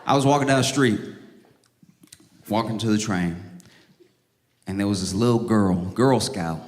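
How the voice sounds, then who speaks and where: A man doing stand-up comedy on stage, telling stories with animated, high-pitched exasperation. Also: unhurried, slight background noise. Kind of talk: stand-up set. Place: comedy club stage with a live audience. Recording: live venue with long reverb. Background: audience laughter.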